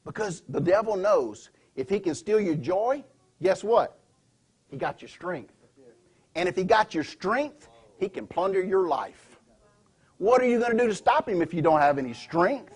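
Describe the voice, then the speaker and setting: Man preaching, emphatic, quizzes the pews; husky voice. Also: high-pitched, expressive, moderate pace. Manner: emphatic, asks the congregation questions. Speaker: pastor. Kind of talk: sermon. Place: church sanctuary.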